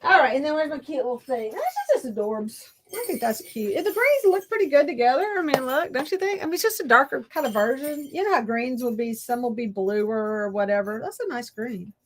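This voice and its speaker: Lady gabbing while she makes bows, bit high voice, talks to herself, laughs a lot. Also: lively intonation, a little fast, hardly any pauses, slight background noise. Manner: chatty, self-talking while working, laughs often. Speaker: crafting vlogger. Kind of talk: casual crafting chat to viewers.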